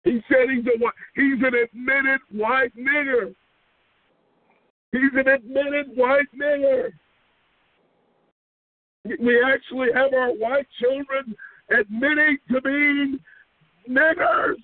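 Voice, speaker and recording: A man's voice: very high voice, steady tone, slow pace, long pauses, dry recording. A man caller ranting with hostility on a group phone line, repeating chanted taunts over and over. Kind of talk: aggressive prank-call ranting.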